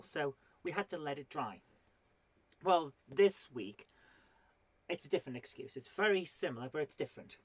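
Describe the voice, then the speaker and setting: A woman's voice: sits low, no room sound. Dry, rambling woman comedian in a home office. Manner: rambling, self-deprecating and mock-serious, with drawn-out pauses. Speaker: stand-up comedian and channel host. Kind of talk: solo stand-up comedy to camera.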